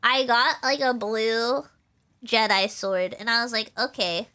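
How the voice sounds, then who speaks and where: A woman's voice: on the high side, fairly even intonation, unhurried, sharp tone, smooth. A young woman streaming, chatting casually in a rambling way, with lots of fillers and laughter. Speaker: VTuber streamer.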